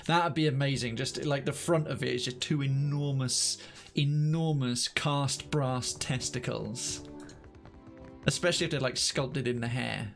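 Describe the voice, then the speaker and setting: A man streaming a video game live, chatting excitedly, often stammering and restarting his sentences, and quick to get startled. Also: mid-range voice, vocal fry, soft background music. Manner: jumpy, startled easily, exclaims. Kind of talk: live let's-play commentary.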